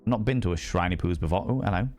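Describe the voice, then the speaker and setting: A man's voice: low voice, rapid-fire, darkish tone, soft background music. A man chatting casually and playfully with his viewers while streaming a game, swearing freely. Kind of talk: casual live-stream chat while gaming.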